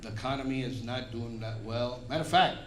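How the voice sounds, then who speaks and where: A man's voice: mid-range voice, fairly quick, fairly bright tone. A middle-aged man with a New York accent doing a stand-up comedy set, delivering brash, profane punchlines. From Puerto Rican, raised in the Bronx, New York. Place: comedy club stage. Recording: echoey live room with crowd noise. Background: audience laughter.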